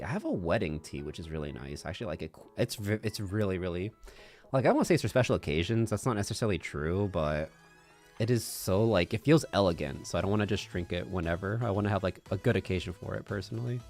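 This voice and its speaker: A man streaming, rambling in casual chat on a binaural microphone, thinking aloud with hums and little laughs. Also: fairly low pitch.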